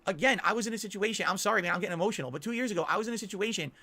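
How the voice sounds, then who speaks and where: A man's voice: sits high, very fast, heavy background noise. A man speaking on his stream in a defensive, complaining monologue that is played back from a clip. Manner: aggrieved, complaining, self-pitying.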